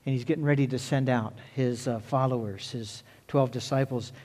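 A man's voice: medium pitch, fairly even intonation, moderate pace, a little mellow. A male pastor preaching a sermon earnestly, repeating key phrases for emphasis.

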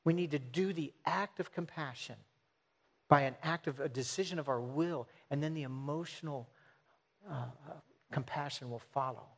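A man preaching a sermon in an earnest way, stressing points by repeating them and sometimes restarting phrases. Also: a little high. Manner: earnest, repetitive emphasis with halting restarts.

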